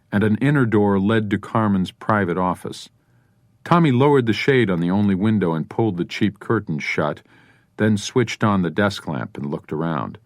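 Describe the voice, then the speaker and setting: A man reads a crime novel aloud in a measured, even delivery. His voice is low-pitched. The studio recording is dry and close, with no room reflections. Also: dry recording. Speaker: audiobook narrator. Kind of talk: scripted narration.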